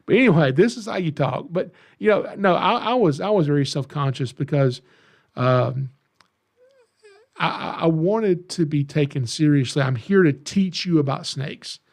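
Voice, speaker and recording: A man's voice: fairly high pitch, moderate pace, a little mellow. A middle-aged man from Georgia with a Southern accent, hosting a podcast and telling folksy, self-deprecating stories in a casual monologue. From Georgia, USA. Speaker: podcast host, snake educator.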